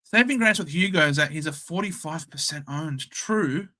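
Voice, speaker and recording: A man's voice: fairly high pitch, moderate pace, bright, forceful tone. A young Australian man hosting a casual live sports watchalong, bantering cheekily with chat and reading out scores. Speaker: livestream host.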